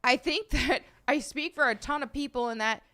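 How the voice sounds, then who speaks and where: A woman delivering a scripted video commentary in a flat, monotone way. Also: sits high, moderate pace. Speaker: online commentator in a clip.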